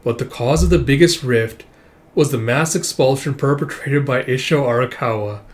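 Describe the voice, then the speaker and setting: A man's voice: mid-range voice, normal speed, lightly acted. A man reading as a knowing explainer. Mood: serious.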